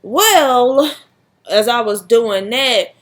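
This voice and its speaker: A young woman vlogger telling a personal story in a casual, animated, dramatic way, full of slang. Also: on the high side, drawn-out words.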